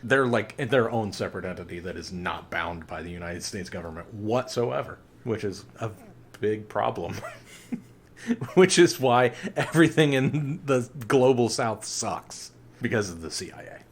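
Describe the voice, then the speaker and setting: A man in his forties co-hosting a podcast in casual chat, animated, laughing a lot and going off on ranting asides. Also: fairly low pitch, normal speed, a little hiss or hum. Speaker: podcast co-host.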